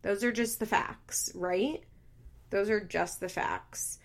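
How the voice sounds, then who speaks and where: A young woman hosts a casual podcast breaking down reality TV episodes in an easygoing, animated, chatty way, laughing often and saying "like" constantly. Her voice is mid-range and she speaks slowly.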